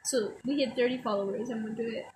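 A woman's voice: fairly high pitch, steady tone, fast, darkish tone, a little hiss or hum, low-quality recording. A teenage girl chatting with friends, giggly and scattered. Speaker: small streamer. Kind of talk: casual chat.

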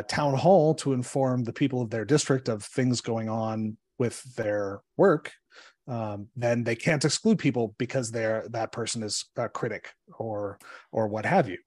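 Halting, dry-voiced male attorney. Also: mid-range voice, a little mellow, dry recording. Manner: measured, halting with frequent ums and uhs. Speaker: attorney guest. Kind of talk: explaining legal cases on a podcast.

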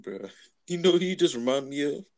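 A man's voice: on the high side, expressive, a little fast, darkish tone. A man in casual podcast chat, joking and teasing his co-host.

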